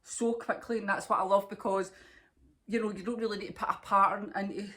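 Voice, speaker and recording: A woman's voice: mid-range voice, fairly even intonation, a little fast, fairly bright tone. A Scottish woman hosting a knitting podcast, chatting casually to camera in a rambling way and laughing often.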